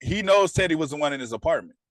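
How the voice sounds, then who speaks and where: A man's voice: a little high, animated, fast, dry recording. A man co-hosting a casual TV review podcast, retelling scenes with profane slang and acting out the characters' lines. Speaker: podcast co-host.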